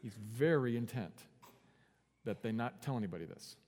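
Man, pastor preaching a sermon, earnest with wide swings in volume, mid pitch, long reverb of a big hall. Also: animated, moderate pace, darkish tone.

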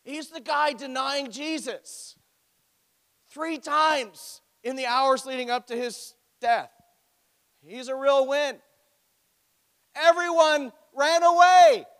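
A man's voice: very high voice, fairly even intonation, slow, pushed and bright. A man preaching a sermon as pastor, with a joking, conversational storytelling manner. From Ontario, Canada. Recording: echoey hall.

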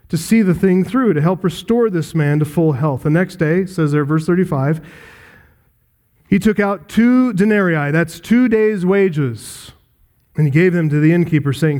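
A man's voice: sits high, darkish tone. A man pastor preaching an expository sermon, earnest, with rhetorical questions to the congregation.

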